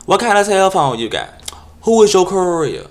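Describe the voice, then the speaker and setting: A man's voice: high voice, very animated, moderate pace, pitched above the performer's own voice. Man doing a sing-song pushy phone salesman. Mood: drawling. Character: flamboyant young male phone salesman, pushy.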